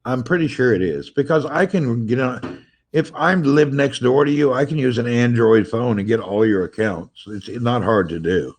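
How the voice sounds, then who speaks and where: A man chats through a phone livestream from his home, his voice sitting at an ordinary middle pitch. He greets viewers one by one and reads their comments aloud. His tone stays loose and playfully teasing. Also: normal speed. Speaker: livestream host. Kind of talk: casual live-stream chat. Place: at home with family nearby.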